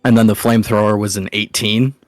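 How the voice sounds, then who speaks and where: A young man as dungeon master, calmly explaining game rules. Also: fairly low pitch, quick pace, no room sound, faint music behind.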